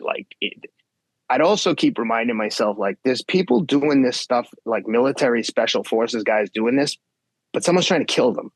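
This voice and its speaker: A man's voice: mid-range voice, fairly quick, dry recording. A man guest on a podcast, telling race stories in a blunt, intense way, swearing freely. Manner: blunt, profane, intense, animated retelling. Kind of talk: casual storytelling interview.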